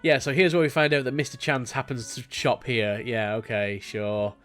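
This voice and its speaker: A man's voice: mid-range voice, steady tone, moderate pace, a bit bright, faint music behind. A man giving casual game commentary with wry, joking asides. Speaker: let's play commentator.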